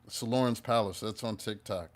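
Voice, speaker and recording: A man gives a casual live tarot reading and keeps it playful and chatty. His voice sits fairly low for a man. He jokes his way between the spiritual messages. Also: moderate pace. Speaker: tarot reader.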